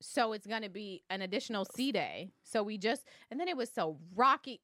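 A woman's voice: medium pitch, fairly quick, dry recording, studio quality. A woman co-hosting a podcast, telling a story in casual chat and acting out what people said, often tagging on "okay?". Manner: animated storytelling, acts out quotes, repeats "okay?". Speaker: podcast co-host.

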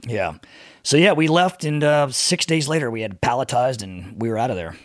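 A man's voice: mid-range voice, moderate pace, no echo. A man in his thirties swaps blunt, salty stories as a podcast guest, laughing as he goes. His voice sits in the middle of the range for a man. The close mic leaves it dry, with no room sound. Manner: profane, laughing anecdotes with acted-out dialogue. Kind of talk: casual storytelling in conversation.

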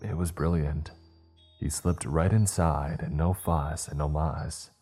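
A man narrating a first-person scary story in a measured way, voicing the dialogue himself. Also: extremely low pitch, steady tone, mellow, husky, soft background music. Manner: measured, acts out dialogue in his own voice.

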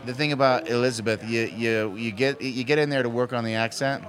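A man's voice: mid-range voice, fairly even intonation, a little fast, fairly bright tone. A man talking as a guest in a casual interview, playful and jokey, often laughing. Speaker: actor guest.

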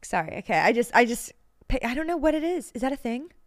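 A young woman with a slightly high voice co-hosts a casual podcast chat. She giggles often and drifts from one story to the next in a loose, rambling way. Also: very animated, fast. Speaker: podcast co-host.

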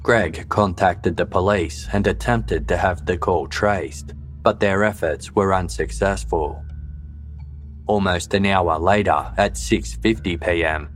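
A man giving measured, sober scripted narration for a true-crime podcast. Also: deep voice. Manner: measured, even, sober delivery.

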